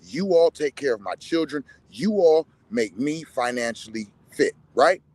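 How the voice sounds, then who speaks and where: Man, blunt and profane, lively swooping pitch, dry close sound. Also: unhurried, slightly rough, no echo. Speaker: self-described shaman and medicine man. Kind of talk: social media monologue.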